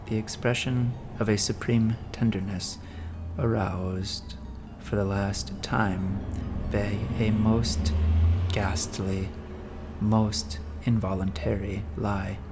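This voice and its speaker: A man giving a measured, solemn reading of a classic novel as an audiobook narrator. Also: fairly low pitch, flat delivery, over music.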